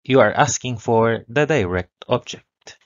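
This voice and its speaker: A man's voice: mid-range voice, animated, highs cut off. A man in his thirties teaching a language lesson, saying each phrase twice before explaining it. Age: 30s. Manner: repeats each phrase slowly, then translates.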